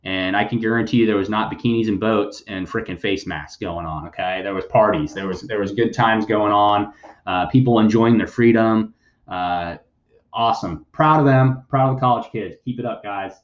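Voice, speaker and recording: A man's voice: on the low side, moderate pace, echoey room, lo-fi sound. A man hosting a podcast, giving blunt, sarcastic news commentary and swearing freely. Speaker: podcast host.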